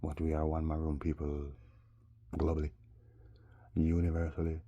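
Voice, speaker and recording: A man's voice: rumbling low, completely flat delivery, moderate pace, warm tone, muffled recording. A man from Jamaica with a Jamaican accent, rambling through a casual story and calling his viewers "people". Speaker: vlogger.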